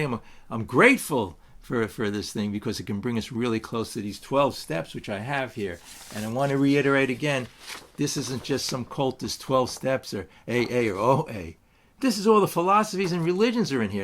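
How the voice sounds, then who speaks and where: A man's voice: mid-range voice, creaky, a bit bright. Rambling man giving a spiritual recovery talk. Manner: rambling, many restarts and asides; tells stories with acted quotes. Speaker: twelve-step meeting speaker.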